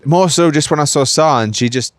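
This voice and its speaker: A Welsh man in his late thirties speaks quickly in a voice on the high side, with no room sound. He's a professional cyclist giving a laid-back post-race interview, rambling and full of "like" and "mate."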